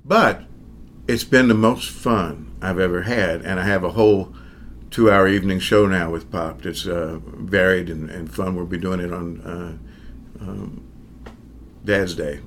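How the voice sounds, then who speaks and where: An older man with a Southern drawl and a lowish voice talks easily about his work as a magician, often chuckling as he trails off and restarts. Faint ambience hums behind him. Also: steady tone, normal speed, slight background noise. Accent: Southern American. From American South. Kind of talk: casual interview.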